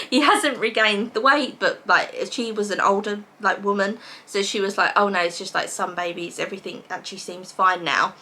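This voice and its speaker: A young woman from England with a British accent, telling a personal story to camera in a lively way and acting out what others said. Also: medium pitch, moderate pace. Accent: British English. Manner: animated, quotes others in dialogue. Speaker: vlogger.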